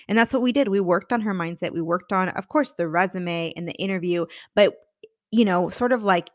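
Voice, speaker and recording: A woman's voice: on the low side, no room sound, clean studio sound. A woman in her thirties, a career coach and podcast host, telling her own story candidly and acting out her past thoughts. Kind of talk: personal storytelling.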